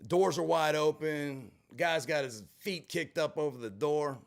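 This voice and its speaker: A man's voice: a little high, unhurried, vocal fry. Blunt, candid man telling a story. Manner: candid, emphatic, swears freely. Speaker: vlogger in recovery. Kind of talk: storytelling monologue.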